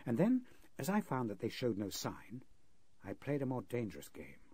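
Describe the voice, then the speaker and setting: A man's voice: medium pitch, huge pitch swings, normal speed, warm tone, slightly rough, dry recording. A man playing an earnest male interpreter narrating a frightening ordeal in a 1930s radio drama. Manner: earnest, vivid storytelling.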